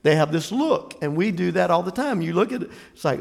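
A man from Jacksonville, Florida, preaching a sermon as pastor, an animated storyteller with laughing asides who acts out voices. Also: high-pitched, moderate pace, vocal fry, few pauses, long reverb tail. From Jacksonville, Florida, USA.

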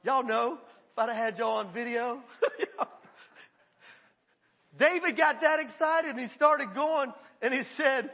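Man, pastor, sermon, high husky voice, loose chatty delivery, acts out voices. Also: slow pace, long pauses, pushed and bright, long reverb tail. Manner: conversational, acts out quoted voices, laughs often.

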